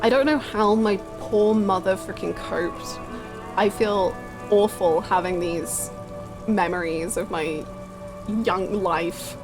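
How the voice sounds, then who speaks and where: A young woman streaming a video game from home, chatting, laughing and telling stories in an animated way. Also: mid-range voice, takes it slowly. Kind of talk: casual chat while playing a game. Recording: music from the game behind. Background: game music.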